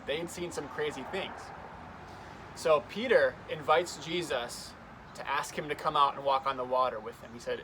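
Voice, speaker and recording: A man's voice: mid-range voice, normal speed, bright, forceful tone, a little hiss or hum. Youth pastor, young adult man, conversational devotional talk, faint outdoor street sound. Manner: earnest, conversational storytelling.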